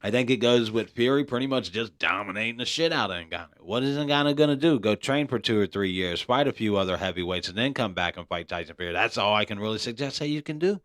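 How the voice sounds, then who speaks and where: A man's voice: lowish voice, expressive, fast, few pauses, fairly bright tone, no echo, clean studio sound. A man hosting a casual podcast, talking bluntly, cursing freely and tossing in "man" all the time. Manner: blunt, profane, keeps saying "man". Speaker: podcast host.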